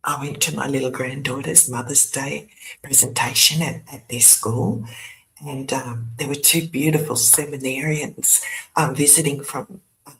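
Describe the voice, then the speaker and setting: A woman's voice: very deep voice, fairly even intonation, moderate pace, fairly bright tone. An older woman, hosting her own channel in a casual, rambling chat, laughing often and tossing in sarcastic asides. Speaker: YouTube channel host.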